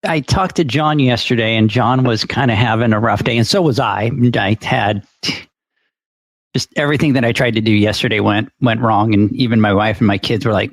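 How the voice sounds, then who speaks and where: A man with a gravelly, creaky voice at a middle pitch, co-hosting a podcast. He tells stories and encourages the others in casual chat. The sound is dry and close. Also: moderate pace, no echo. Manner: storytelling, encouraging. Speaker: podcast co-host.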